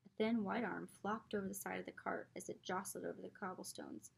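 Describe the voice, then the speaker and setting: A woman's voice: mid-range voice, brisk, vocal fry, husky. A woman reading a novel aloud as a teacher, telling it expressively. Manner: expressive storytelling.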